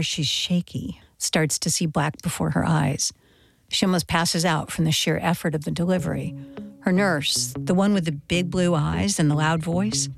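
Lowish woman's voice telling a radio story, measured, guitar playing underneath. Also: vocal fry. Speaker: reporter and narrator. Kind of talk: scripted documentary narration. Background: soft guitar music.

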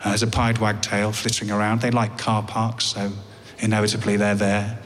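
Englishman telling a wry, halting story. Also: on the low side, completely flat delivery, a bit bright, big-room sound, a little hiss or hum. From England. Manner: halting, wry, repeats words. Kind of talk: live personal storytelling.

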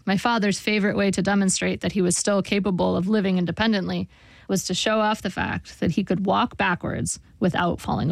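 A woman's voice: medium pitch, gravelly, dry recording. A woman reading a first-person literary story aloud with a dry, wry storytelling manner. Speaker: narrator. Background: soft guitar music.

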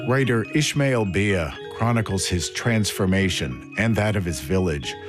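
A man hosting a radio show, reading a smooth, measured scripted announcement. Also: low-pitched, animated. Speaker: radio host. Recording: loud marimba music behind.

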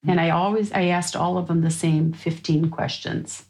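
A woman's voice: lowish voice, fairly even intonation, moderate pace, very noisy. An older woman from Minnesota earnestly tells a personal family story, stopping to think and quoting others as she goes. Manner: earnest, reflective, quotes others in dialogue. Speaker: interviewee telling a family story. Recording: music bed under the voice.

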